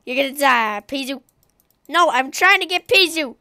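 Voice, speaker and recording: A woman with a high, bright, cutting voice gives unhurried let's-play commentary, chattering to herself between moves. She bursts into shrieks when things go wrong. The sound is close and dry. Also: dry recording. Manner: excitable, talks to herself while playing, shrieks when killed. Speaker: gaming channel host.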